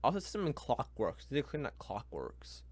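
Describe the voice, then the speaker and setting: A young man reacting live to a book, exasperated and ranting, going from mutters to loud complaints. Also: mid-range voice, huge pitch swings, normal speed. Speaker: reviewer.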